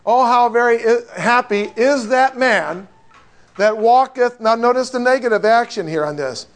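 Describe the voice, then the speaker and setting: High-voiced joking male preacher. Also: normal speed. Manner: conversational, joking, asks the listeners rhetorical questions. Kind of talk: sermon.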